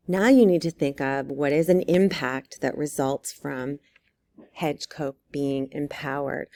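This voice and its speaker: A woman teacher walking students through an essay outline step by step, encouraging and full of ums and quick check-ins. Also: sits low, creaky, mellow. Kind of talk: recorded writing lesson walkthrough.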